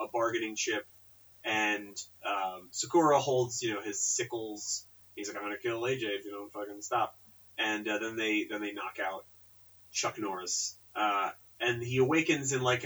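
A man's voice: mid-range voice, unhurried, sharp tone, recorded from a distance, low-quality recording. A man co-hosting a casual movie podcast, recapping scenes in a jokey, rambling way with some swearing. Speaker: podcast co-host. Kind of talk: casual movie-review chat.

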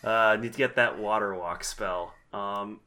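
Guy hosting a podcast, lowish bright voice, rambly and self-mocking. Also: steady tone, unhurried. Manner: self-deprecating, rambling with restarts. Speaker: podcast host. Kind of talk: casual chat.

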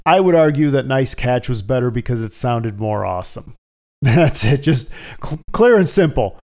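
A man's voice: mid-range voice, animated, darkish tone. Upbeat man hosting a podcast panel. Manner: upbeat, brisk, steering the talk. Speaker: podcast host. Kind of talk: casual panel discussion.

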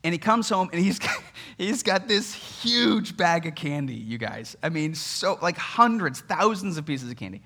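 A man in his thirties preaches in a church with a forceful, bright voice that sits a little high for a man. He tells his stories in a casual, chatty way and mixes in humor as he goes. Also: a little slow, slightly rough. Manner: animated, conversational storytelling with humor. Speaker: pastor. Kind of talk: sermon.

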